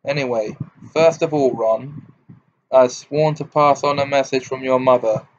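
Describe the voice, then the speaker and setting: A man reading the part of a wry, protective grown man in an audiobook, with a dry, brisk, amused delivery. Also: medium pitch, fairly even intonation, lo-fi sound, natural voice.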